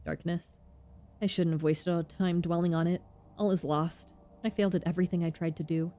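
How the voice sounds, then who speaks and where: A woman's voice: fairly low pitch, fairly even intonation, fairly quick, mellow, close to an everyday voice. A woman voicing a weary, proud male doctor in a brooding, clipped tone.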